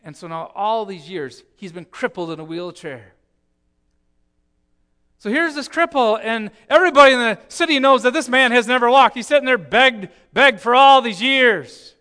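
A man preaching a sermon, telling the story with swings from hushed, slow lines to emphatic ones. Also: very high-pitched, lively intonation, clean tone.

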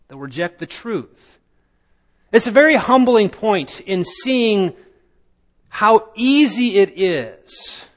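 A man preaching a sermon, emphatic and building to loud declamation. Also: high voice. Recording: long reverb of a large hall.

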